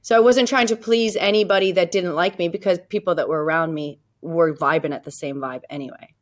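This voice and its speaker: A confident woman talks casually as a podcast guest, her voice sitting a little low. She keeps things upbeat and often cracks herself up at the end of a sentence. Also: brisk. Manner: laughs at her own lines, upbeat and self-assured. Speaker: guest, real estate agent. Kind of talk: casual interview talk.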